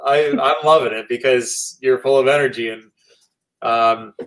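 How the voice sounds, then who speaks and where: A Canadian man, a guest motivational speaker, answering interview questions. He sounds earnest and measured, in keynote-like phrasing. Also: mid-range voice, steady tone, a bit bright, poor audio.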